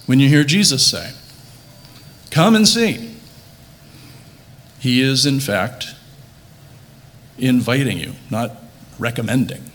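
A pastor giving a sermon, earnest, stressing quoted lines and restarting phrases, then leading a quiet prayer. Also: male voice, mid-range voice, measured pace, long pauses.

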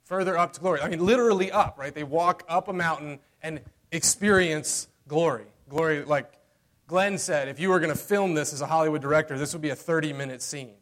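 A man delivering a sermon in an easy, conversational way. His voice sits a little high, and he sinks into soft, hushed tones when he makes his central points. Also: fairly quick. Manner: conversational preaching, dropping to a hushed tender voice for key lines. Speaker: pastor.

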